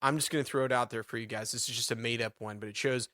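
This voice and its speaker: A man's voice: medium pitch, racing, no echo, clean studio sound. A man co-hosting a movie review podcast, telling rambling made-up stories in casual chat. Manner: rambling, animated storytelling with laughs. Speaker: podcast co-host.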